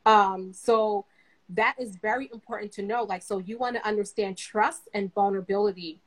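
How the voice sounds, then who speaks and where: A young adult woman guest speaking as a therapist, giving advice in a relaxed, conversational way with many fillers. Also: medium pitch, moderate pace, low-quality recording. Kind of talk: casual advice chat.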